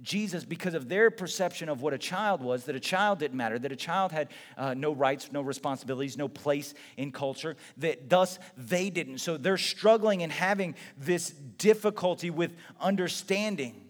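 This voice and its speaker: A man's voice: fairly high pitch, normal speed, few pauses. A middle-aged man preaching a conversational sermon, firing off rhetorical questions and acting out short quotes. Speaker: pastor. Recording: long hall reverb.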